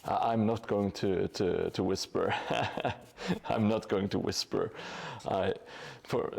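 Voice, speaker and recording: A man's voice: fairly low pitch, steady tone, takes it slowly, creaky, a little mellow, husky. A man live-streaming his terrain painting in a casual, hesitant way, with many fillers and restarts. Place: home hobby room above a gym.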